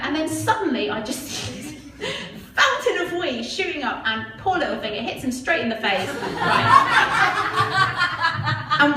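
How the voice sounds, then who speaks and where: A woman in her twenties tells stand-up stories in a high, bouncing voice with wide pitch swings, self-mocking and chatty. She sounds a little distant from the mic in an echoey club. The crowd's noise fills the room behind her. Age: 20s. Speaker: stand-up comedian. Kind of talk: stand-up comedy set. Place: comedy club stage. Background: audience laughter.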